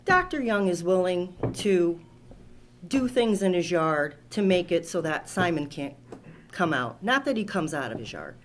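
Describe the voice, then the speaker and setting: Emotional woman, rambling public commenter, faint background noise. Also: fairly low pitch. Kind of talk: public comment at town meeting. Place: town hall meeting room.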